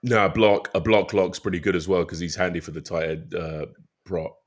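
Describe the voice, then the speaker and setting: A young man with a very deep, low voice talking rugby on a podcast. His manner is laid-back and easygoing, and he hedges his points with plenty of filler words. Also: fairly quick. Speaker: rugby player and podcast regular. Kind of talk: casual rugby podcast chat.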